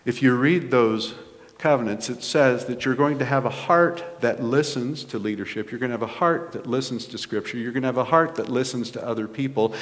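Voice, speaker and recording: A man's voice: mid-range voice, fairly quick. A man preaching a conversational sermon as pastor, rising to emphatic points. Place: church sanctuary. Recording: long reverb of a church hall.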